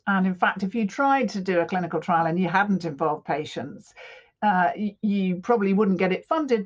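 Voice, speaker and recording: A woman's voice: medium pitch, lo-fi sound. A woman hosting an interview podcast, enthusiastic and asking leading questions. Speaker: podcast host.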